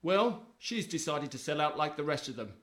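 Sneering with contempt, a wealthy brother haggles over property in this British sitcom scene, played as a pompous bully mocking his sibling. The actor's voice sits a little high and fairly bright, moving at a moderate pace with a sing-song lilt.

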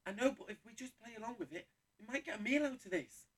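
A woman's voice: a little high, fast talker, slightly rough. A woman playing an earnest young male hero as a pantomime principal boy, eager and wide-eyed. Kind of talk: live pantomime stage acting. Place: theatre stage. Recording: distant stage sound from the hall.

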